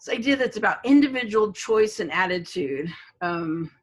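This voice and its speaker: A woman's voice: medium pitch, lively intonation, normal speed, breathy edge, rough recording. A middle-aged woman, a college instructor, giving a recorded online lecture in a conversational way, with many fillers and storytelling asides.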